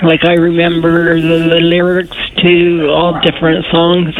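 A woman's voice: lowish voice, completely flat delivery, a little slow. A woman calling into a radio show, chatting shyly and casually with the host. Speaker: caller. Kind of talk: casual chat on a radio call-in. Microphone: telephone. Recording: noisy, tinny phone line.

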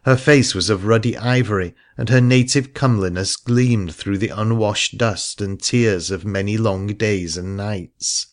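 A man narrating a first-person seafaring adventure story in a measured reading voice. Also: fairly low pitch. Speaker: audiobook narrator.

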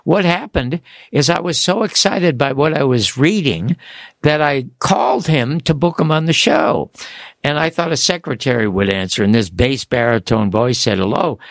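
An older man, a book author, telling animated stories as a guest on a radio talk show, acting out the voices of the people he quotes. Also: on the high side, normal speed, creaky, dry recording.

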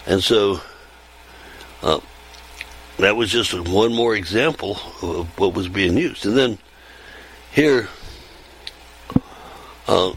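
A man's voice: fairly low pitch, slow pace, pauses often, a bit bright, a little hiss or hum, rough recording. An older man in his seventies telling stories in a rambling monologue, often repeating and restarting his phrases.

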